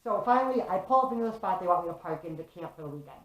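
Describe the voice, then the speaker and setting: A young woman telling a story to camera in a casual, animated way, swearing freely and saying "like" a lot. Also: lowish voice, very fast. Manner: animated, swears often, fills with "like". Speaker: vlogger. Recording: echoey room.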